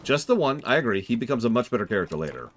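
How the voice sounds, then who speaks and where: A man's voice: mid-range voice, big pitch swings, racing, a bit bright. A man giving casual, opinionated commentary while streaming a game, joking with his chat.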